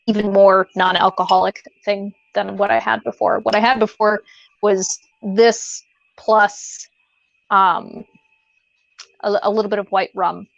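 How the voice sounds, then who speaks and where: A woman's voice: medium pitch, flat delivery, a little slow, creaky, dry recording. A woman co-hosting a podcast in casual chat, rambling with lots of fillers and restarts. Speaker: podcast co-host. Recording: dull lo-fi sound.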